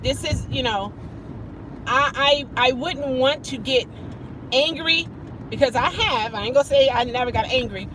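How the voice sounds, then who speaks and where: A woman's voice: normal speed, a little hiss or hum. A middle-aged woman chatting casually on a live stream, greeting viewers by name as she tells her story. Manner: expressive, jumps high when emphasizing.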